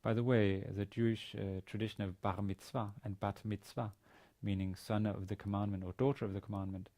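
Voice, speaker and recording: A male university lecturer takes students through Biblical Hebrew, reading sentences aloud in Hebrew before translating them and explaining the grammar in methodical steps. He speaks a little fast in a mellow, low-leaning voice with a flat delivery.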